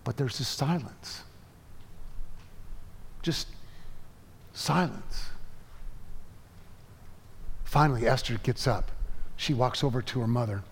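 A man preaching a sermon, telling a story in a measured way with halting repeats. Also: medium pitch, gravelly, breathy edge, in a large hall. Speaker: pastor.

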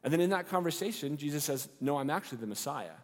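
Slightly high-voiced preacher in a reverberant hall. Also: male voice, fast. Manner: expressive storytelling, acts out the characters' lines. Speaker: pastor. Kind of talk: sermon.

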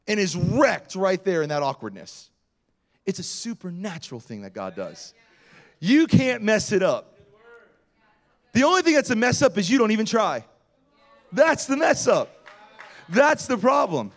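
A man preaching a sermon as pastor, telling personal stories in an animated way with self-deprecating humor. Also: sits high, moderate pace.

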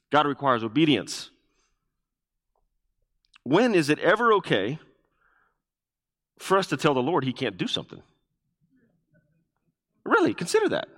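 A male pastor with a slightly high, fairly bright voice preaches in a church sanctuary, the long reverb of the hall trailing his words. He poses questions to the congregation and repeats key phrases for emphasis.

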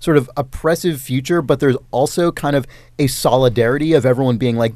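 A man's voice: medium pitch, steady tone, fairly quick, a little mellow, dry recording. A man co-hosting a casual chat, telling a story in a rambling way, full of "like" and swearing. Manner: rambling, heavy use of "like," swears freely.

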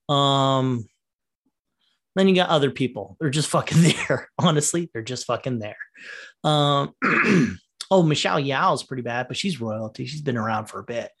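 A man's voice: mid-range voice, a bit bright. A man ranting casually on a solo podcast, rambling and profane, laughing often and mocking characters in quoted voices.

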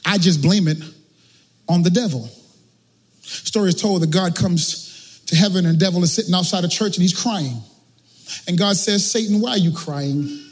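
A male pastor preaching a sermon in church, sliding into a chanted, sung cadence and rising to shouts. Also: high-pitched, moderate pace, long pauses, in a large hall.

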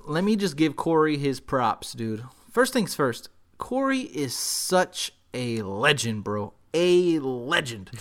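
A young adult man from Texas, hosting a casual podcast chat and telling a story in an animated way, full of slang. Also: a little high. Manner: animated storyteller, heavy slang, acts out quotes.

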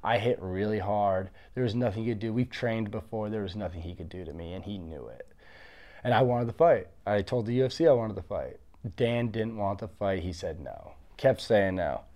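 A man's voice: fairly low pitch, expressive, moderate pace, darkish tone. A man in his early thirties, a former fighter being interviewed, telling his story in a blunt, confident, boastful way. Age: 30s.

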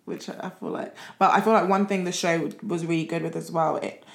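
A woman's voice: lowish voice, steady tone, a little fast, creaky. A young woman co-hosting a podcast, chatting casually in a rambling, enthusiastic way. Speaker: podcast co-host. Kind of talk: casual chat. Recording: roomy echo.

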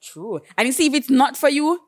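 A woman's voice: high voice, fairly quick. A woman co-hosting a podcast, chatting casually and acting out the people in her stories. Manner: animated storytelling, acts out quoted exchanges. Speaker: podcast co-host. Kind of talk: casual chat.

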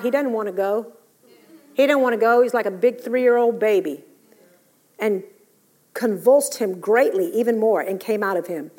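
In her sermon, a woman tells Bible stories vividly and performs the voices of the people in them, using a medium pitch.

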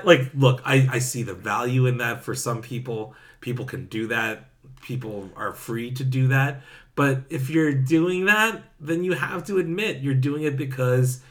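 A man's voice: mid-range voice, unhurried, a bit bright. A man co-hosting a podcast, making his case in casual chat with lots of fillers. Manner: argumentative, many fillers like "like". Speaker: podcast co-host.

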